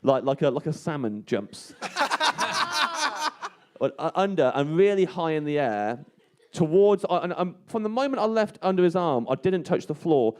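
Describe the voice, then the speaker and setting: A man's voice: a little high, lively intonation, moderate pace, a little hiss or hum. Rambling self-mocking man spinning a live yarn. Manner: rambling, self-deprecating, breaks into laughter; hushed and tense when re-enacting fear. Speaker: comedian guest telling a story. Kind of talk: live comedic storytelling. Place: live venue on stage.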